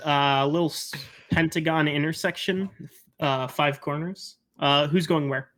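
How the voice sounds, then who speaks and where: Brief: male game master, slow and halting narration. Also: on the high side, steady tone, a bit bright. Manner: halting, with many fillers.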